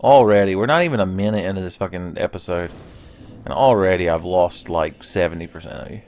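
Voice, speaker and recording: A man talking over a video game in a relaxed, rambling way, full of jokes and swearing. His voice sits on the low side. He drifts off topic in chatty asides. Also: brisk, slight background noise. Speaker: let's play host. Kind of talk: casual gameplay commentary.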